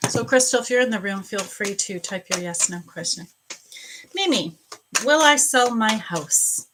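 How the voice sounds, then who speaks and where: A woman's voice: mid-range voice, bright, forceful tone, a little hiss or hum, low-quality recording. A woman hosting a live stream as a psychic reader, chatting and greeting viewers by name between angel card readings.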